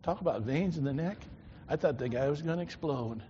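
A man preaching a sermon, telling a personal story in a folksy, animated way. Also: fairly high pitch, a little fast, a little hiss or hum. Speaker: preacher giving testimony. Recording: lo-fi reverberant hall.

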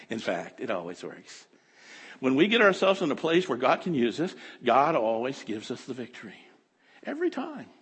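A man preaching a fervent sermon that swings from quiet talk to shouting. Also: medium pitch, very animated, normal speed, husky. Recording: echoey hall.

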